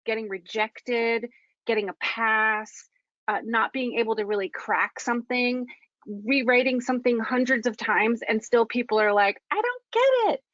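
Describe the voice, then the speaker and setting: A woman's voice: a little high, a bit bright, no echo, dull audio. A woman screenwriter presenting a webinar in a candid, conversational way, frank and self-deprecating, with plenty of fillers.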